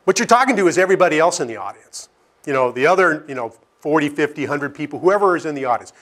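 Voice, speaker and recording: A middle-aged man from Seattle with a slightly raised speaking pitch gives a relaxed lecture. He tells stories, cracks self-deprecating jokes, and keeps checking in with his listeners with a quick "okay?". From Seattle, United States. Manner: anecdotal, self-deprecating humor, frequent "okay?" asides. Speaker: climate scientist giving a career lecture. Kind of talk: informal lecture with slides. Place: lecture room with audience.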